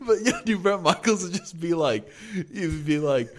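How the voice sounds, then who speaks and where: A man's voice: on the high side, animated. A young man co-hosting a podcast in casual chat, swearing often and laughing as he mimics people. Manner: profane, laughing, mimics people in quick asides. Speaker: podcast co-host.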